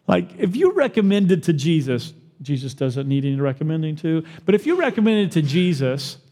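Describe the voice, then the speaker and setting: High-voiced pastor preaching in a hall. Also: male voice, fairly quick. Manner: animated, asks the crowd questions, acts out quoted voices. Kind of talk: sermon.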